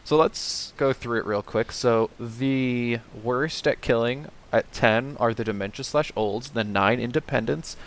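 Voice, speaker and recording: A man's voice: medium pitch, a little slow, few pauses. Dry, bossy man hosting a podcast. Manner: dry, bossy, steers the segment. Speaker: podcast co-host. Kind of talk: casual comedic podcast chat.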